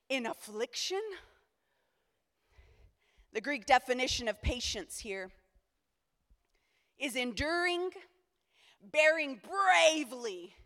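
A woman preaching a sermon, rising to shouted climaxes and dropping to quiet, joking asides with her listeners. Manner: swings between shouted high climaxes and quiet low asides; humorous, conversational asides to the congregation. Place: church conference hall.

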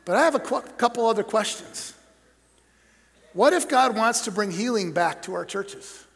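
A middle-aged man preaching a sermon as pastor, conversational and joking, swinging between loud emphasis and soft storytelling. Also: high-pitched, expressive, normal speed, gravelly, slightly rough. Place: church sanctuary. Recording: long reverb of a large church hall.

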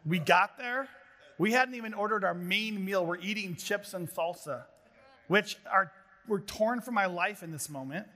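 A middle-aged man preaching a sermon to a gathering of pastors, telling animated stories with jokes. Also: high voice, moderate pace. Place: large hall before an audience of pastors. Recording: long hall reverb.

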